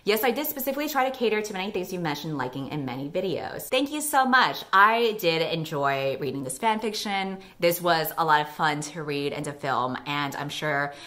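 Young female YouTuber reading fanfic aloud with sharp comic asides; low-pitched, tense and bright. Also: normal speed, hardly any pauses. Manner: expressive, wry commentary.

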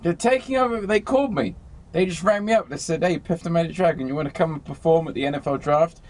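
An English man, a magician and comedian, trading jokes in a grumpy, deadpan way during a TV interview. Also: fairly high pitch, fast. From England. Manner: dry, deadpan, grumpy humor. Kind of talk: comic TV interview via video link.

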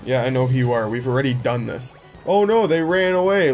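A man's voice: mid-range voice, expressive, quick pace, gravelly, a little mellow. A young man giving casual, sarcastic let's play commentary with joking banter. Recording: faint game music behind.

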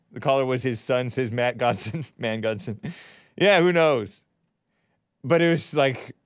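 A man's voice: mid-range voice, clean tone, no echo, studio quality. A man hosting a live talk show, commenting sardonically and laughing often. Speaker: host.

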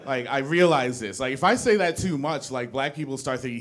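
Fairly quick and animated, with a mid-range voice, a young man from New Jersey delivers a rambling stand-up set. Playing to a live audience in a small studio, he jokes at his own expense and often restarts his sentences.

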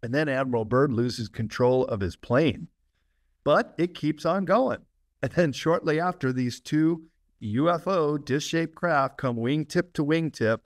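A man's voice: fairly high pitch, unhurried, no echo, studio quality. Enthusiastic man telling a long story. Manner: enthusiastic, laughs often, steady explaining. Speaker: guest author. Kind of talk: podcast interview storytelling.

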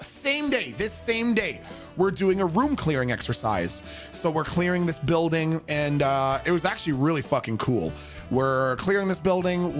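A man telling a story in a casual, profane, rambling way, full of restarts. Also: fairly high pitch.

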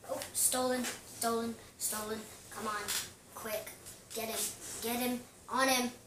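A woman chats her way through a shooter match at an unhurried pace, giggling and muttering to herself as she plays. Her voice sits a little high. The mic picks her up from a distance in an echoey room, with steady noise underneath. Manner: chatty and giggly, talking to herself while playing. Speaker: gaming vlogger. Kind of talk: casual gameplay commentary.

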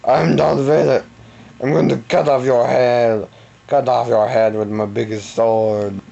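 A goofy space villain, put on by a man, drawls slow, gravelly threats in a lowered voice. The recording is dull and lo-fi. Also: fairly even intonation, warm tone. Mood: mock menace. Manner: slow, deep, mock-menacing. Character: slow, deep-voiced sword-waving Darth Vader parody.

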